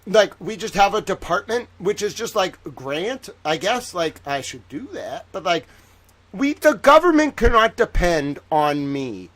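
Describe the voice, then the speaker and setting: Young male livestream host with a higher voice, chatty and rambling, animated when worked up. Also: measured pace. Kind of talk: casual livestream commentary.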